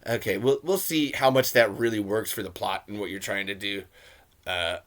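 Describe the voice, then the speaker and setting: A man's voice: fairly low pitch, moderate pace, fairly bright tone. A young man hosting a casual movie commentary podcast, ranting with sarcastic, profane asides. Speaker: podcast host.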